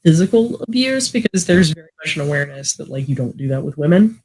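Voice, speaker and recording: A woman guest in casual podcast chat, her voice slightly husky. She speaks with lively, sweeping pitch, swinging up high when she presses a point. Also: fast, poor audio. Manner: expressive, swooping pitch when making a point.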